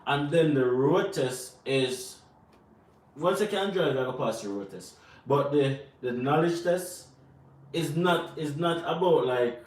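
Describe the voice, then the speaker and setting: A man's voice: medium pitch, animated, slow pace. Earnest Jamaican man in a roomy room. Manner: earnest, advice-giving, repeats himself for emphasis. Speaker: co-host answering viewer questions. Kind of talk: live Q&A chat. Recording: roomy and distant from the mic, faint noise.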